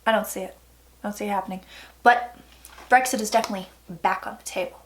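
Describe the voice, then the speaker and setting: A woman psychic talking through a tarot reading in a chatty, dramatic way, with sudden loud asides. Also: mid-range voice, fairly even intonation, fast talker. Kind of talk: casual tarot reading vlog.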